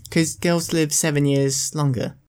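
A man's voice: fairly high pitch, fairly even intonation, takes it slowly, a little mellow, clear, resonant tone. A young man in casual chat, rambling earnestly and trailing off into odd theories.

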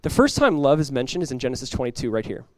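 Animated preaching man with a dry sound. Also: mid-range voice, very fast, no echo. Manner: animated preaching, acts out quoted voices, laughs. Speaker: pastor. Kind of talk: sermon. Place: church.

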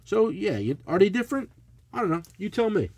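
A man's voice: high voice, fairly quick, slightly rough, no room sound. A middle-aged man, telling a profane, blunt story in casual chat as a podcast co-host. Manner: animated, swearing, blunt ranting.

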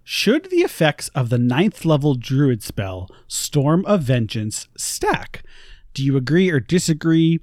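A woman's voice: low-pitched, sing-song, slow pace, a little mellow, no room sound, studio quality. A woman co-hosting a casual podcast, upbeat and giggly, chatting and asking a guest questions. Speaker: podcast co-host.

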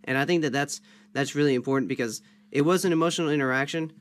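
A man's voice: on the high side, fast talker. A man in a Bible study who reads a passage aloud and then talks it through in a conversational way, often saying "you know" and "um". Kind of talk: scripture reading and discussion.

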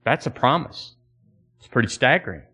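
A man's voice: medium pitch, big pitch swings, normal speed, bright, forceful tone, slightly rough. A man preaching a sermon to his congregation, folksy and conversational, often repeating words as he builds a point and quoting old-fashioned scripture. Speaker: pastor.

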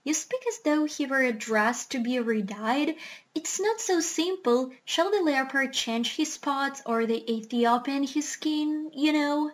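A woman reading aloud, voicing a kindly older male doctor who reasons calmly. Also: high voice, a little slow. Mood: doubtful.

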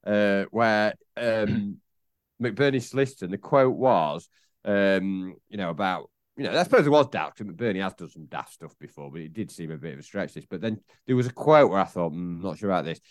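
A man's voice: fairly low pitch, lively intonation, moderate pace, dry recording, clean studio sound. A man co-hosting a podcast, telling jokey rambling stories in casual chat. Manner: rambling, jokey storytelling with fillers. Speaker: podcast co-host.

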